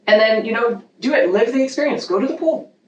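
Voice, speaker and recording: Animated woman guest in echoey room. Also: a little high, fast, highs cut off. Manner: animated, rambling with many fillers and restarts. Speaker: guest parenting educator. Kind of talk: casual conversational interview. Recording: echoey room, distant mic, faint noise.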